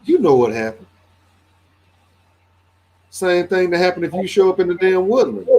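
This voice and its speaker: A man's voice: high-pitched, sing-song, normal speed, vocal fry, a little mellow. A man co-hosting a podcast who needles and argues with the others in casual chat. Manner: needling, argumentative, presses the others. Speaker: podcast co-host.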